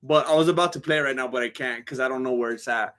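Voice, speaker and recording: A man hosting a live stream, reacting to a fight with excitable, teasing commentary. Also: medium pitch, quick pace. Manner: excitable, laughs often, teasing.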